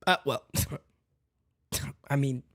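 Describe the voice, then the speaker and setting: His mid-range voice drags out words with vocal fry and a slightly bright edge as he hosts a fan podcast. He rants bluntly and profanely with real heat, calling his audience "guys" and "folks," in a clean studio recording with no room sound.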